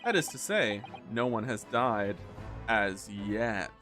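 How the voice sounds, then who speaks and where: A man reading a composed, formal lord's lines from a game, measured and faintly condescending, over game music. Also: on the low side, lively intonation, pitched below the performer's own voice. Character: composed, formal British lord, middle-aged man. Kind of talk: reading game dialogue aloud.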